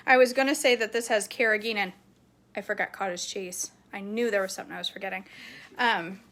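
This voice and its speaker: A vlogger in her forties chats casually through her grocery haul, rambling into asides and laughing easily. Her voice is medium-pitched and a bit bright, and she talks briskly.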